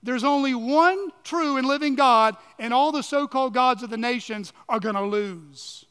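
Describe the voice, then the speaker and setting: Pastor, male, very high bright voice, earnest sermon, church hall with long reverb. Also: normal speed, clean tone. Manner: earnest, emphatic, asks rhetorical questions. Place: church sanctuary.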